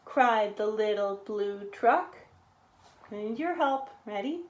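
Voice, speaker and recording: A woman reading a children's picture book aloud at storytime, animated and sometimes asking the listeners to join in. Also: mid-range voice, slow pace, echoey room. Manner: animated, with sound effects and call-and-response. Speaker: storytime reader.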